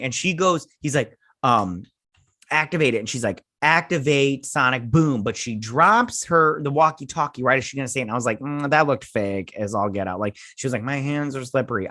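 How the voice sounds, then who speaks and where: A man's voice: mid-range voice, no room sound, studio quality. Rambling man recapping an episode. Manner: rambling, animated retelling with acted-out quotes. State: tired, yawning. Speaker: host.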